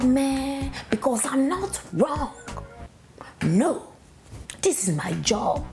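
A woman voices an indignant female news anchor with a Nigerian accent in a comedy parody. The voice sits high and swings wildly, dragged out slowly as she rants, begs and hisses insults. Faint music plays behind. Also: full character voice. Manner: exasperated ranting, swings to pleading and whispered insults.

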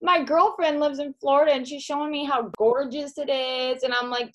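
Her voice sits high and sounds a bit bright, with a steady tone at normal speed, though the recording is rough. She's a Midwestern American woman working in direct sales, casually chatting through an at-home product demo and calling the listener "girl."

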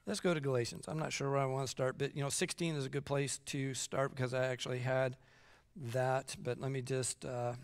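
A man's voice: mid-range voice, a little fast, clean tone. A middle-aged man preaching a sermon as pastor, joking and acting out whiny kids between Bible readings. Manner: jokey, animated, acts out kids whining. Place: church sanctuary. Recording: long church hall reverb.

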